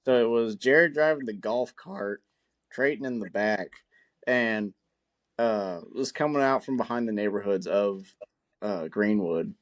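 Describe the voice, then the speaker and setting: A man's voice: on the low side, measured pace, no echo. A man on a podcast, adding context to a story with amusement and laughter. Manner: amused, laughing while recounting. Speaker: podcast co-host. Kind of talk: casual storytelling chat.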